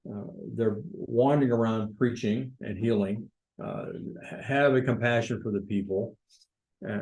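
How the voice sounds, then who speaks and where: A man's voice: medium pitch, darkish tone, rough recording. A man leading a Bible study in a church, teaching conversationally and asking the group questions. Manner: informal, with fillers and restarts, asks the group questions.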